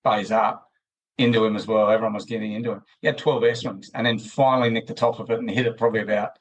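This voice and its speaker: An Australian man talks through a podcast interview, rambling and circling back on himself with plenty of fillers. His voice sits a little low and has a husky, slightly rough texture. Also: steady tone, quick pace, rough recording. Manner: rambling, many restarts and fillers. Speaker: guest. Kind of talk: casual interview chat.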